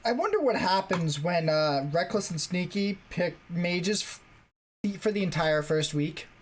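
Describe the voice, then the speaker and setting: A man's voice: sits high, animated, a little slow. A man co-hosting a casual esports podcast, rambling as he recalls facts aloud. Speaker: podcast co-host.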